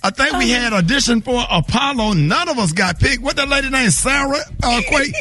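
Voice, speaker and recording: A middle-aged man hosts a morning radio show, excitably hyping up his guest and trading jokes. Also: very high-pitched, brisk. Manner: excitable, laughing, hype-man introductions. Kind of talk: lively morning radio banter.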